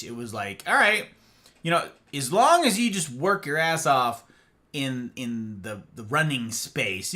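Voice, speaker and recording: Man, livestream host, casual chat, lively swooping pitch, bright forceful tone. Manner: animated and playful, greeting chatters by name.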